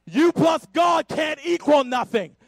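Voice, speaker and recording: A man preaching a Pentecostal sermon, shouting in call-and-response and dropping to quiet asides. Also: very high voice, expressive, measured pace, no echo. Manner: breathless, drops to quiet asides. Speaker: pastor.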